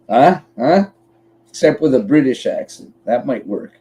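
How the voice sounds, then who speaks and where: A man's voice: mid-range voice, expressive, a little slow, dark tone. A man from Canada co-hosting a podcast, chatting casually and bluntly, swearing freely while walking through a website step by step. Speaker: podcast co-host. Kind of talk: casual chat.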